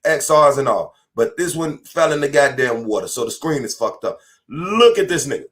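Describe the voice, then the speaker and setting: A man's voice: medium pitch, animated, normal speed, fairly bright tone. A man hosting a podcast, delivering an angry, profane and confrontational monologue from home. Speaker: podcast host.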